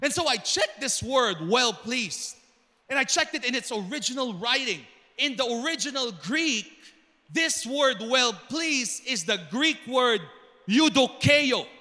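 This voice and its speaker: A man preaching a sermon in a large church hall, animated, breaking into shouted calls to the congregation. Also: very high-pitched, unhurried. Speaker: pastor. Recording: long reverb of a big church hall.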